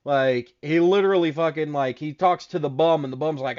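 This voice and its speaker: A man co-hosting a casual chat show, telling stories in a profane, animated way. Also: a little high, fairly quick, muffled recording. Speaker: podcast co-host.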